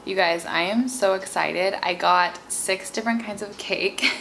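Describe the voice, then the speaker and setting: A woman's voice: medium pitch, measured pace, gravelly, a bit bright, low-quality recording. A bubbly young woman in her twenties chats to her viewers as she tastes food. Her talk is loose and filled with "like" and "um", and it is recorded on a simple camera mic. A faint hiss sits under the voice. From Seattle. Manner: bubbly, chatty, lots of "like" and "um". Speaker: mukbang vlogger. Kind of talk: casual chat while eating.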